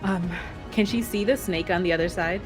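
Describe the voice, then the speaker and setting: A woman's voice: on the low side, a little fast, soft background music. A woman playing a tabletop game, speaking hesitantly with many ums. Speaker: player. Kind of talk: casual game chat.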